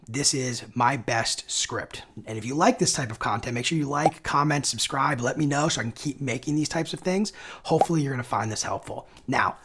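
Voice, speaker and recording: A man hosting a sales lesson, explaining cold-call tactics in an upbeat, energetic teaching manner. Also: mid-range voice, a little fast, a little hiss or hum. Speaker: sales coach and channel host. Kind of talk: instructional video lesson.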